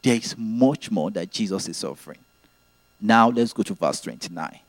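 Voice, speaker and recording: A man's voice: fairly low pitch, lively intonation, normal speed, no room sound. A man preaching a sermon, teaching earnestly and repeating his key phrases.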